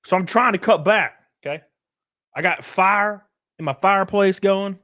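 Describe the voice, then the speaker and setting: A middle-aged man, hosting a casual livestream, joking loudly and reading out chat messages. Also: sits high, moderate pace, no room sound, clean studio sound. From Alabama. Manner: loud, joking, reads chat. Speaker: streamer host. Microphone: headset.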